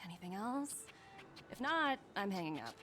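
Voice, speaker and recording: A woman's voice: medium pitch, sing-song, moderate pace, music in the background, natural voice. A woman voicing a curt young game manager. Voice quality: curt, impatient. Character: blunt young female corporate manager.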